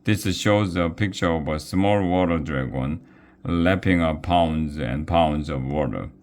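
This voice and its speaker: A man's voice: extremely low pitch, unhurried, a little mellow. A man voicing a fussy old professor who sputters as he lectures. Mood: lecturing.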